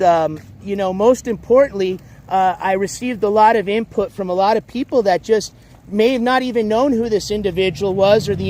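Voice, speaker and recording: A man's voice: sits high, a little mellow, slight background noise. A man hosting a casual walk-and-talk livestream outdoors by a road, rambling with lots of "uh"s and restarts. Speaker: YouTube livestream host. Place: outdoors by a road with traffic, walking dogs.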